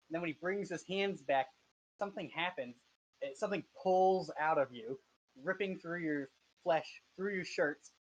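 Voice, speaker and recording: A man's voice: a little high, highs cut off. A man narrating a tabletop game as game master, hesitant and full of fillers. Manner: hesitant, many fillers and restarts.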